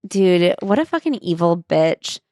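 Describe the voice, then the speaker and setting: A woman's voice: on the low side, sing-song, unhurried, dark tone, no room sound, clean studio sound. A woman co-hosting a podcast, chatting casually about a memoir and reading passages from it aloud. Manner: casual, swears, reads book passages aloud. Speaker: podcast co-host. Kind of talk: casual chat recapping a memoir.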